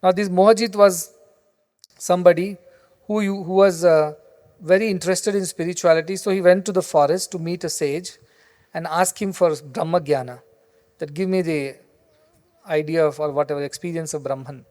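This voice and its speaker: A man's voice: high-pitched, steady tone, moderate pace, a little mellow. A man, a spiritual teacher, giving a discourse that mixes explanation and storytelling in an explanatory, digressive way. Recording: long reverb in a large hall.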